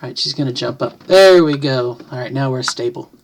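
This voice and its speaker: A woman's voice: a bass voice, brisk, slight background noise. Middle-aged trans woman, rambling and reflective. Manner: thoughtful, rambling, with many restarts and self-deprecating jokes. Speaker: vlogger. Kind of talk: casual to-camera talk. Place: home, at a computer desk.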